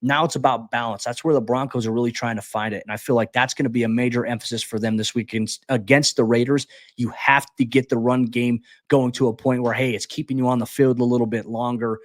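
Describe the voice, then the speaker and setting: A man's voice: mid-range voice, steady tone, no echo, clean studio sound. A man giving casual, talkative sports analysis on a podcast, restarting phrases often as he thinks aloud. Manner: quick, talkative, frequent restarts and filler. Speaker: guest analyst.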